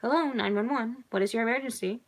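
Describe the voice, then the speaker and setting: A woman doing a calm emergency dispatcher. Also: a little high, quick pace. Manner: even, reassuring, professional. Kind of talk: reading her own story aloud.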